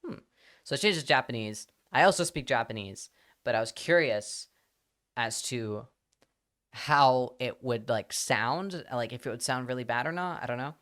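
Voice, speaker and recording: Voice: medium pitch, animated, moderate pace, fairly bright tone. A live streamer casually telling a rambling anecdote to the audience, full of fillers and quoted voices.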